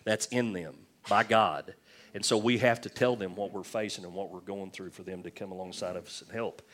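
A man's voice: low-pitched, brisk, fairly bright tone. A man preaching a sermon as pastor, talking conversationally with jokes and frequent restarts.

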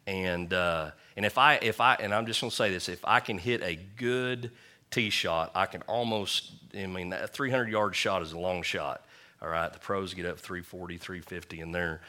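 A male preacher with a low-pitched but bright, forceful voice. He delivers his sermon in a folksy, joking storytelling way, mixing scripture with personal anecdotes. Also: moderate pace. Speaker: pastor.

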